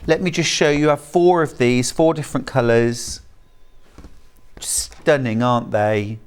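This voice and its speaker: A woman's voice: rumbling low, measured pace, darkish tone, clear, resonant tone. A woman with a British accent presenting live on a shopping channel, gushing over fabrics as she sells them. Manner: gushing, enthusiastic. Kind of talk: live selling patter. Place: TV studio.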